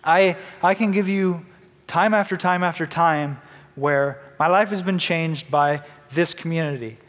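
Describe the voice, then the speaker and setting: A young man with a high voice gives a candid personal testimony to a church. He talks conversationally and restarts his sentences often, and his voice rings with the long reverb of a big hall. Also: a little slow, fairly bright tone. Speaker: church member giving testimony.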